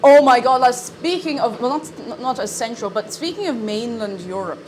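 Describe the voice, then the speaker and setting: A woman's voice: fairly high pitch, expressive, normal speed, noisy background. A young woman chatting with her stream chat in a playful, bubbly way, a little out of breath. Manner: bubbly, playful, sing-song asides. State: slightly out of breath. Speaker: livestreamer. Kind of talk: casual stream chat, reading chat aloud. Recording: music playing behind the voice.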